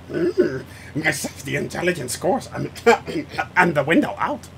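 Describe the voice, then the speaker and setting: High-voiced, giggly male streamer. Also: sing-song, measured pace, creaky, a little hiss or hum. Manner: laughs often, reacts to chat. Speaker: flight sim streamer. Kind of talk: casual live-stream chat.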